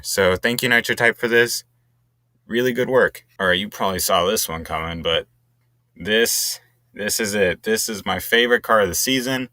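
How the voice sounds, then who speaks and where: Young male vlogger, bright, dry close-mic sound, eager and rambling. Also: lowish voice, no room sound. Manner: enthusiastic, rambling with restarts. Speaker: gaming video creator. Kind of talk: casual commentary.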